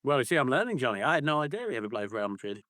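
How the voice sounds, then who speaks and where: A man's voice: medium pitch, big pitch swings, very fast, fairly bright tone, no echo, studio quality. A man co-hosting a football podcast, ranting in a casual, sweary way and slipping into mocking voices. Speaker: podcast co-host.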